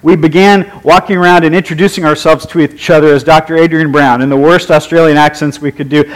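Man, preacher, slightly high voice, wry and conversational, humorous personal stories. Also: steady tone, brisk, hardly any pauses, poor audio. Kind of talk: sermon with personal storytelling.

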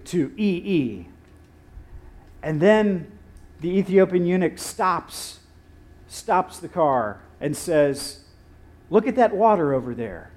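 A male pastor preaching a sermon, telling stories with acted-out quotes and dramatic pauses. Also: on the high side.

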